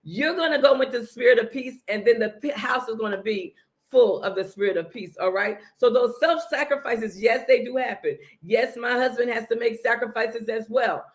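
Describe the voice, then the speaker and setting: A middle-aged woman talks through marriage advice like a sermon, earnest and coaching. She leans on repeated check-ins with her listeners and speaks in a relaxed, conversational flow. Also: on the high side, moderate pace. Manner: earnest, coaching, keeps asking "right?". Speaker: podcast co-host giving marriage advice. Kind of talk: casual preaching talk.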